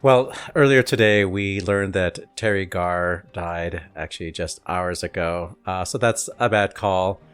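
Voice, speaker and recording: A man co-hosts an opera podcast in a casual way. He talks hesitantly and keeps pausing to find his words. His voice sits fairly low. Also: fairly bright tone, clean tone, faint music behind. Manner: hesitant, lots of fillers. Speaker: podcast co-host.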